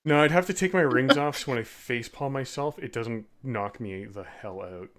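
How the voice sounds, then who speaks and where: A man's voice: medium pitch, moderate pace, a crowd in the background. A man co-hosting a podcast who chimes in with dry, wry remarks during a casual chat. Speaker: podcast co-host.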